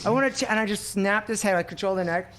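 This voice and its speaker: A man telling casual stories in a podcast, animated and laughing as he talks. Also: high-pitched, rapid-fire, over a noisy crowd. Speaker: guest. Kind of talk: casual storytelling.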